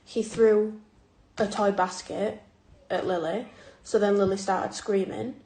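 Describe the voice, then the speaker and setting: A single mother speaks slowly in a flat, mid-range voice, calmly and wearily recounting things for a casual vlog. She's indoors at home, in an echoey room with faint noise.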